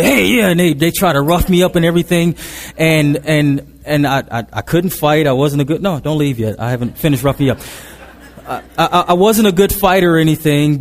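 A man's voice: a little high, big-room sound. A man preaching a sermon, opening with prayer and telling a story with humor and frequent repeated words. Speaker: pastor. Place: church sanctuary.

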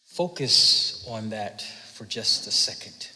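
A man preaching a sermon as a pastor, reading scripture and then explaining it in a halting way that often repeats words. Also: fairly low pitch, lively intonation, bright, forceful tone, big-room sound.

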